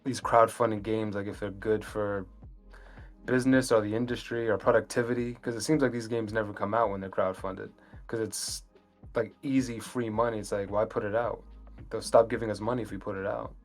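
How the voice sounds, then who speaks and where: A man's voice: lowish voice, fairly even intonation, a little fast, soft background music. A man co-hosting a casual podcast, talking in a laid-back, offhand way. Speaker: podcast co-host. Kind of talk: casual chat.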